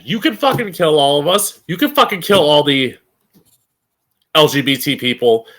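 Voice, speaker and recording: Angry ranting young man, bright voice. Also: on the high side. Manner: angry, profane, emphatic. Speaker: live-stream show host. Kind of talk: opinionated rant.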